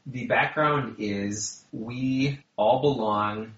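A man running a tabletop game as game master, chatting casually with his players, laughing often and pausing on fillers. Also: medium pitch, fairly bright tone. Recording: dull lo-fi sound in an echoey room.

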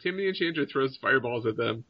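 A man running a tabletop game as game master, talking in a lively, amused way. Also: mid-range voice, fast talker, no echo. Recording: dull, dry lo-fi recording.

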